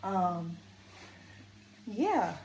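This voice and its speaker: A woman coach talks straight to her viewers in a casual vlog, earnest and deliberate. She shifts between firm and gentle tones. Her slightly low voice rings in an echoey room with a faint hiss of ambience behind it. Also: sing-song. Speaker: vlogger and coach. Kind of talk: casual talking-to-camera vlog.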